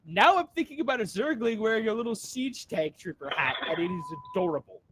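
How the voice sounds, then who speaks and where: Casting note: playful co-host with very lively intonation, riffing on jokes. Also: mid-range voice, quick pace, noisy background. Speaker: fanfiction commentator. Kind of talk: casual commentary.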